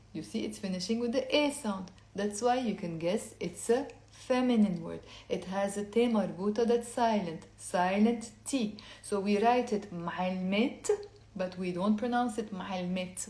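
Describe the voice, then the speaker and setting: A woman teaching a language lesson, explaining step by step and repeating words slowly for learners to say along. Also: mid-range voice, a little mellow, roomy sound. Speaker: Lebanese Arabic teacher.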